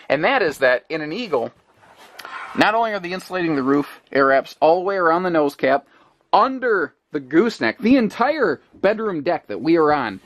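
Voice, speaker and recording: A man giving an explanatory walkthrough of an RV from inside it, talking casually with frequent restarts. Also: on the high side. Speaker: RV reviewer. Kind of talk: walkthrough demonstration.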